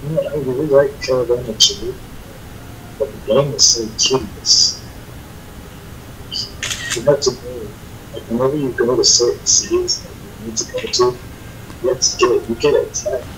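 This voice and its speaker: A man chatting casually on a voice call, often halting and restarting his sentences. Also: medium pitch, steady tone, pushed and bright, slight background noise, rough recording. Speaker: voice chat participant. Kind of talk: casual chat.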